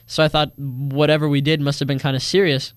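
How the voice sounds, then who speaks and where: A man's voice: on the high side, flat delivery, fairly quick, clean tone, dry recording, clean studio sound. A teenage boy giving an earnest, indignant account of his own experience in a personal monologue. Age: teens. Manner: earnest, indignant, acts out quoted voices.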